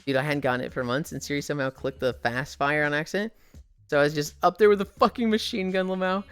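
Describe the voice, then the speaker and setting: A woman streamer chatting casually while walking on a treadmill, telling animated, profane stories and sounding tired. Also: low voice, fast talker, clear, resonant tone, dry recording.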